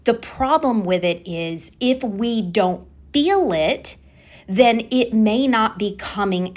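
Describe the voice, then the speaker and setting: A woman hosting a solo coaching podcast on communication, talking with energy and stressing key words by repeating them. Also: mid-range voice.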